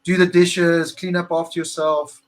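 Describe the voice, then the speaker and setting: A man's voice: on the high side, level tone, normal speed, low-quality recording. A man from South Africa, a magazine editor interviewing over a video call, joking and teasing his guest.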